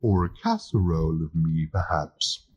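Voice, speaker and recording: A man voicing a polite, unhurried bovine creature that was bred to be eaten, on an old audiobook tape. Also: rumbling low, animated, darkish tone, slightly rough, exaggerated voice. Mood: coaxing.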